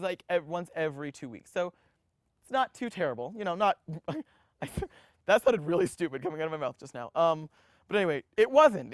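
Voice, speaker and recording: A young man in his twenties telling his life story in an interview, animated and full of restarts, acting out the voices of others. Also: on the high side, dry recording, clean studio sound. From United States. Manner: animated, acts out quoted voices, frequent restarts.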